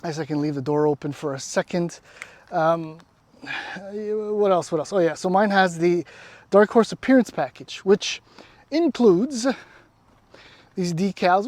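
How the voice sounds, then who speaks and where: Man in his forties, rambling wry car review, higher-pitched voice, dry close sound. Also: a little slow, a little mellow, no room sound. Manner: rambling, wry, self-deprecating, trails off. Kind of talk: casual car review walkaround. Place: outdoors beside a parked car.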